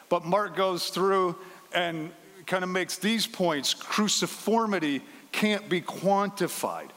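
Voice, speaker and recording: A man with a somewhat high voice delivers a Sunday sermon in an easy, conversational way. He slips into small acted voices for the people in the passage. His voice rings out with a long reverb, as in a large sanctuary. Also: a bit bright. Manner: conversational, acts out the quoted lines. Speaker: pastor.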